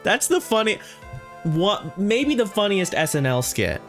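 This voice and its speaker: Chatty streamer guy, pitch jumping all over, faint music under. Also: very animated, measured pace, a bit bright. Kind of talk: casual let's-play commentary.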